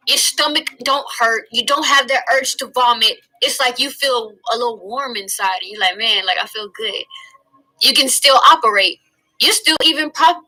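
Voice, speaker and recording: A woman teaching from the Bible in a casual, earnest way, slowly stressing key phrases. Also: sits high, sharp tone, rough recording. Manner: earnest, conversational, drawn-out emphasis on key phrases.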